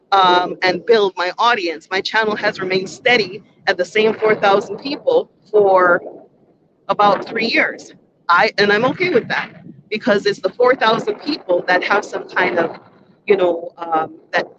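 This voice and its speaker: A woman vlogging outdoors, talking frankly and reflectively to the camera in a casual way. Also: medium pitch. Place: outdoors on a beach. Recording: dull lo-fi sound with loud outdoor noise.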